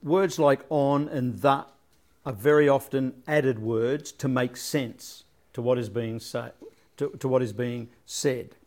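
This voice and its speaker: A man's voice: medium pitch, fairly even intonation, slow, darkish tone. A man leading a casual Bible study, thinking aloud and often repeating words as he searches for his phrasing.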